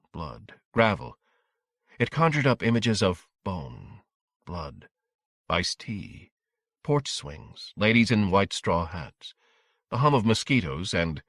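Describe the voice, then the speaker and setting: A man reading a horror audiobook in a measured, dramatic storytelling manner. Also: deep voice, no echo, clean studio sound. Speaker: audiobook narrator. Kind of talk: scripted audiobook narration.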